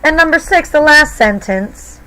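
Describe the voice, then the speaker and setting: A woman's voice: high-pitched, lively intonation, unhurried, pushed and bright, rough recording. A woman teacher explaining grammar to her students patiently, step by step, in a recorded lesson. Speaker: Spanish teacher.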